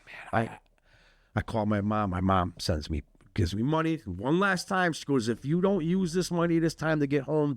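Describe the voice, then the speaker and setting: Recorded dry with clean studio sound, a medium-pitched man co-hosts a podcast. He's telling a story in easygoing conversation, impersonating the people involved and cursing freely.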